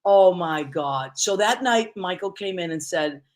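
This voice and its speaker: A woman's voice: fairly low pitch, expressive, measured pace. Effusive woman host telling a story. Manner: effusive, storytelling with many exclamations. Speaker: talk show host. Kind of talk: casual interview chat.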